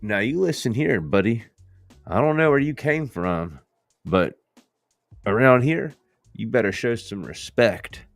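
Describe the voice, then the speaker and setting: A man's voice: medium pitch, expressive, a little slow, no echo, faint music behind, voice pushed up. A man putting on a tough-talking voice to warn off a new neighbor with stern, repeated threats.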